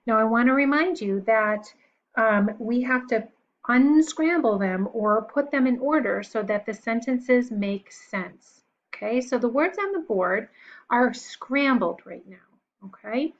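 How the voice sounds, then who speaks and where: A woman teacher giving a recorded lesson to young children, patient and encouraging, pausing for answers. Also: on the high side, expressive, dull audio.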